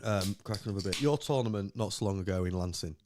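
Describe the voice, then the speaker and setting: A man's voice: sits low, quick pace, no room sound. A man co-hosting a podcast, chatting casually while drinking beer, rambling and acting out quoted remarks. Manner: rambling, animated storytelling with acted-out quotes. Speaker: podcast co-host. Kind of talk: casual chat.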